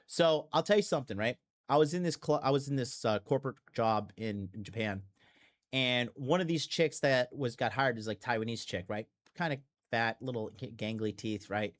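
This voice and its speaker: A man's voice: mid-range voice, moderate pace. A man hosting a podcast in a blunt, profane, rambling monologue full of fillers and restarts. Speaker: podcast host. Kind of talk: casual monologue.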